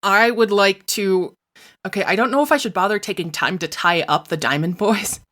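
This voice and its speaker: A woman playing a tabletop role-playing game, describing her character's actions in a playful, quick-witted way. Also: medium pitch, fairly bright tone. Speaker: player.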